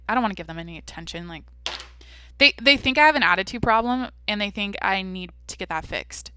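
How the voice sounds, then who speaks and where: Young woman, solo podcast host, blunt and foul-mouthed, tense bright voice, no room sound. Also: medium pitch, expressive, fast, clean tone, no echo. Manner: brash, profane, blunt. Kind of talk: casual solo podcast chat.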